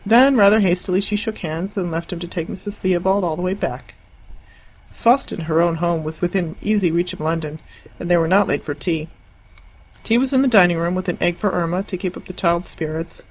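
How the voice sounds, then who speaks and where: An audiobook narrator reading a classic novel in a measured, even storytelling voice. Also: mid-range voice, poor audio. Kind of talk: scripted narration.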